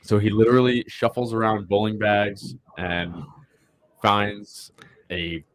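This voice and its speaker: A man's voice: on the low side, slow pace. A man co-hosting a casual bowling podcast, rambling with many fillers and laughing often. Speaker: podcast co-host.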